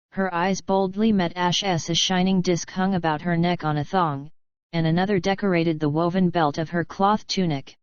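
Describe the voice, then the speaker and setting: Audiobook narrator, woman, measured delivery, lowish smooth voice, dry close sound. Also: no echo, lo-fi sound. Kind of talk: scripted narration.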